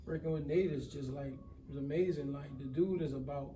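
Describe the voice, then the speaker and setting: Young guy, says bro a lot, dark mellow voice, echoey room. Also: on the high side, fairly quick, slight background noise. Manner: animated storyteller, slangy, says "bro" often. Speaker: event promoter, guest. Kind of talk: casual interview chat.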